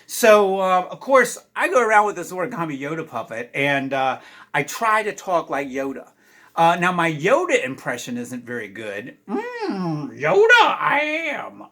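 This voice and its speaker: A man's voice: a little high, normal speed. A man, a children's book author, chatting casually with young readers and reading aloud from his own book. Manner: animated, chatty, many uh fillers.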